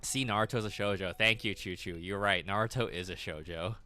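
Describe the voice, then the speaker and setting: A man's voice: low voice, a little fast, bright, forceful tone. A man streaming games and chatting casually, rambling, laughing often and swearing freely. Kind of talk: casual livestream chat.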